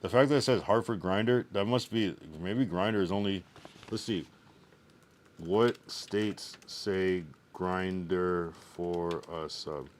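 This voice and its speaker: A man's voice: low-pitched, slow, a little hiss or hum. A young man from the East Coast of the United States, chatting loosely and profanely with his live chat while streaming. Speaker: livestreamer. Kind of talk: casual livestream chat.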